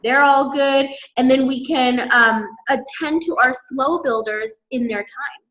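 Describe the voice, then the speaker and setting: A woman, a network marketing leader, explaining business strategy in an animated way, laughing often. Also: sits high, unhurried, roomy sound, poor audio.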